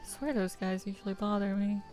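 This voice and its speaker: A woman's voice: mid-range voice, brisk, mellow, soft background music. A woman streaming a game, chatting casually, giggling and swearing as she reacts. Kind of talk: casual let's-play commentary.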